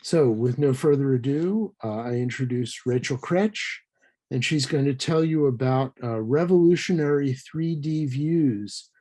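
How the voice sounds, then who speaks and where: A man introducing a guest speaker at a public science lecture, pausing often with fillers. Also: medium pitch, dark tone. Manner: hesitant, frequent uh fillers. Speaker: lecture series host.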